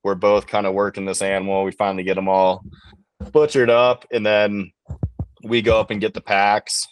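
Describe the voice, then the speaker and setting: A man on a podcast, a bowhunting guest telling a hunting story in a relaxed, rambling way with lots of fillers. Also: fairly low pitch, moderate pace, smooth, dry recording. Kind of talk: casual storytelling in an interview.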